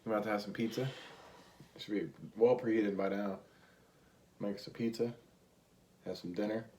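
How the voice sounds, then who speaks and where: A man's voice: lowish voice, steady tone, normal speed, warm tone. A man chatting casually with his partner, telling jokey stories and mimicking her voice. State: tired. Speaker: co-host. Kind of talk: casual chat.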